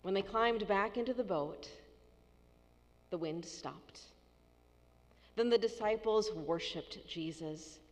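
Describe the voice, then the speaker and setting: A woman pastor giving a sermon in a church, speaking slowly and deliberately. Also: mid-range voice. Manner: slow, deliberate preaching with acted-out tones. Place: church sanctuary. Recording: long church reverb.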